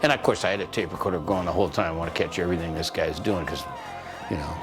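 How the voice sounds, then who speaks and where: A man in his sixties, a composer recounting a studio session in an animated, rambling way. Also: low voice, rapid-fire, over music. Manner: animated storyteller, full of "you know" and "man". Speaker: composer telling a story. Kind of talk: anecdotal interview.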